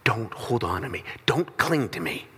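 A man voicing a calm, gentle male teacher who talks softly but firmly. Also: moderate pace, slightly rough, heavily acted. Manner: soft, gentle, low-key. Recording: long hall reverb.

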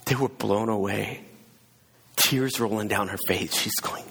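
A man's voice: fairly low pitch, unhurried, gravelly, fairly bright tone, husky. A man preaching a sermon and telling a story, acting out the voices of its people and building to fervent emphasis. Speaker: pastor. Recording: long hall reverb.

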